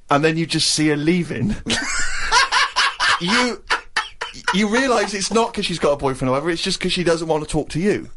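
A man co-hosts a podcast in his thirties, his voice sitting a little high as he spins a comic tale. He acts out other people's lines along the way. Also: brisk, very noisy. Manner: animated storytelling, acting out other people's lines. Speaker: co-host. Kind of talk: comic anecdote on a radio podcast.

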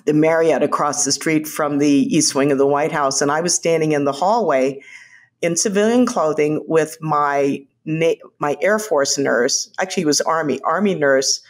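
An older woman, a former White House physician, telling lively stories as an interview guest and laughing often. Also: low-pitched. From United States. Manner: animated anecdotes, quick quoted voices, laughs often. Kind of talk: conversational storytelling.

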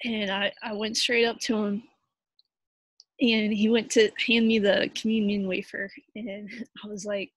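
Woman, young adult, tired, halting and heartfelt, flat pitch, dry close sound. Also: slightly rough, no echo. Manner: halting, heartfelt, many fillers and restarts. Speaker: vlogger. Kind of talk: emotional personal story.

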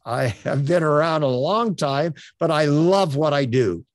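A man's voice: fairly high pitch, lively intonation, unhurried, no room sound. Older man coaching with many fillers. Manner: filler-heavy, earnest, promotional. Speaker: elevator pitch coach. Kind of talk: webinar presentation. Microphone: webcam on a tripod.

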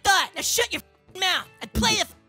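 A squeaky, foul-mouthed cartoon boy through a voice changer, always picking fights. The voice is very high and piercingly bright. Faint game music plays behind it. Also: sing-song, brisk, full character voice. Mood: angry. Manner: yells insults and picks fights. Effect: pitch-shifting voice changer. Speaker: gamer doing cartoon voices for strangers in online chat.

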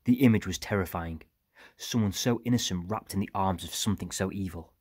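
A man narrating an audiobook in a steady storytelling manner. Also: low voice, slightly rough, dry recording, clean studio sound. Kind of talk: scripted narration.

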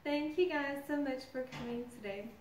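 A woman preschool teacher reading a storybook aloud to children in an animated, sing-song manner, recorded in a roomy space from a distant mic. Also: high-pitched, normal speed, slight background noise.

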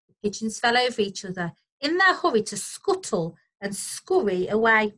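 A woman teacher reading a storybook aloud to children, expressive and gentle, pausing to explain the story. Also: medium pitch, low-quality recording. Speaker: primary school teacher.

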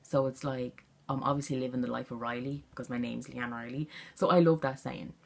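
A woman's voice: rumbling low, fairly even intonation, brisk, vocal fry. A young Irish woman chatting casually to camera at home, rambling and easily distracted, with an Irish accent. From Ireland. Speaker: vlogger.

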